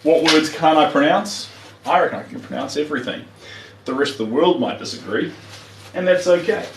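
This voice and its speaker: A man with a New Zealand accent streams himself painting, chatting casually to live viewers and trailing off as he works. His slightly high voice is expressive and brisk, picked up from a distance in a roomy space with a little hiss or hum.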